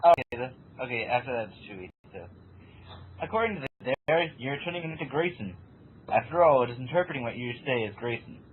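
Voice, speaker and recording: A man's voice: medium pitch, lively intonation, brisk, husky. Teasing man on a tinny call. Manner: teasing, questions and comments on the reading. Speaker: participant in a fan story read-through. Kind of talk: casual group read-through. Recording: tinny call audio with faint hiss.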